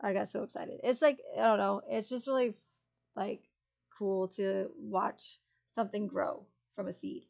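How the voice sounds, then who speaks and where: A woman streamer chats with her live viewers in a gravelly, mellow voice. She rambles and giggles, trailing off and restarting her sentences. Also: mid-range voice, steady tone, unhurried. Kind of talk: casual chat with live chat.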